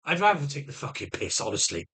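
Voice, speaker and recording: Middle-aged man, ranting vlogger, slightly high voice, very lively pitch, profane, restarts often. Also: fast, husky. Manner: heated, profane, repeats and restarts phrases; mimics other people's voices. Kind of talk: casual ranting monologue.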